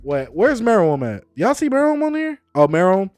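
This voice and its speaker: A man's voice: sits high, sing-song, moderate pace, a little mellow, faint music behind. A man hosting a stream, chatting casually with friends in emphatic, teasing banter. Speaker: streamer host. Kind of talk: casual group chat on a stream.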